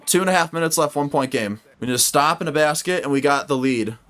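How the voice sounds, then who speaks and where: A young man commenting on his own basketball video game, talking to the players on screen and shouting when the plays go his way. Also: fairly high pitch, fast talker. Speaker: gaming YouTuber.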